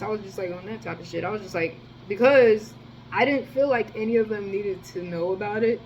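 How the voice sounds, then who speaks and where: A woman telling a rambling personal story in a casual, profane monologue, with sudden jumps in loudness. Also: medium pitch, a little fast, muffled recording, a little hiss or hum. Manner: rambling, slangy and profane, with many restarts. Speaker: storyteller vlogger.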